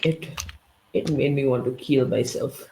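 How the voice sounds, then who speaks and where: Young man, gravelly voice, sarcastic, exasperated, casual review chat, faint background hiss. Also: mid-range voice, steady tone, measured pace, warm tone, poor audio. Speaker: co-host reviewer.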